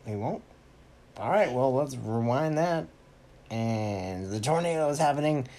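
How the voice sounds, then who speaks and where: A man playfully making up a story aloud for a child, animated and teasing. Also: mid-range voice, unhurried. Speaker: parent telling a story to a child. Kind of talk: improvised bedtime story.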